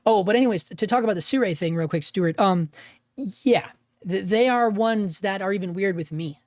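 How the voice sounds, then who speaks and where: A man hosting a casual livestream, rambling with restarts and dropping "man" and "dude", his voice gravelly after an illness. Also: high voice, moderate pace, dry recording, clean studio sound. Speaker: livestream host and freelance videographer.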